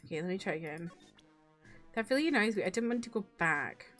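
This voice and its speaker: A woman's voice: medium pitch, lively intonation, quick pace, fairly bright tone, faint music behind. A woman streamer giving playful, wry commentary while playing a game. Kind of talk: casual gameplay commentary.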